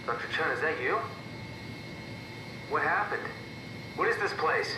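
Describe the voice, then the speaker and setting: A man's voice: lively intonation, measured pace. An actor voicing a confused, frightened man waking in a simulation in a video game, his questions turning frantic. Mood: panicked. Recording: echoey, distant game audio over rumble.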